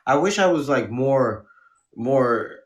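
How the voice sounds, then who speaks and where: A male rapper speaking as a guest in a relaxed interview. His voice sits at a middle pitch, and his talk is loose, slangy and full of casual swearing. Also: takes it slowly, lo-fi sound. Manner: laid-back, slangy, swears freely.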